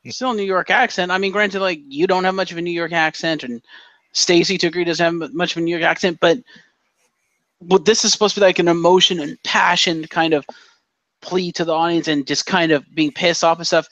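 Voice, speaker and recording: A man's voice: on the high side, fairly even intonation, fairly quick, a bit bright, no echo, highs cut off. A man co-hosting a casual podcast, talking and joking about wrestling. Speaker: podcast co-host.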